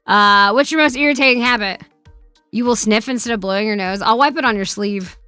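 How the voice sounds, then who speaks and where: A woman's voice: fairly high pitch, fairly quick, sharp tone, clear, resonant tone, dry recording, soft background music. A woman streamer in casual live-stream chat, reading viewer questions aloud and answering with profane, teasing banter. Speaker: streamer host.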